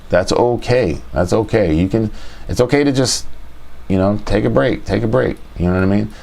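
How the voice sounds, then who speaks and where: A man's voice: lowish voice, moderate pace, creaky, warm tone. A man hosting a casual livestream chart review, thinking aloud, repeating his phrases and talking to his chat. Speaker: trading show host.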